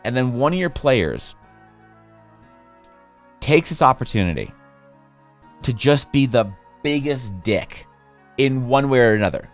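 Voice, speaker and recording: A man streaming, chatting casually while he draws, in a rambling, profane, animated way. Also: mid-range voice, unhurried, pauses often, faint music behind.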